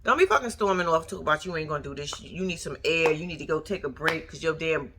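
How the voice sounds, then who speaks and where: A woman giving a blunt, profane, animated reaction commentary on a reality show, talking straight to her viewers. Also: low-pitched, fast, a little hiss or hum.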